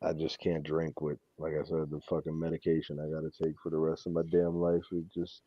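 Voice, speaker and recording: Low-voiced man swearing through a casual story. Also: monotone, a little fast, dry recording, muffled recording. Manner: profane storyteller, mimics others in raised voices. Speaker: co-host on comic unboxing stream. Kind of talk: casual chat. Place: home.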